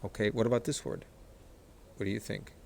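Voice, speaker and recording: A man teaching how to read and stress words, explaining patiently, repeating words slowly, and clearing his throat often after a recent illness. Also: lowish voice, fairly even intonation, warm tone. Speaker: Hebrew reading teacher. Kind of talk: explanatory lesson, screen-sharing.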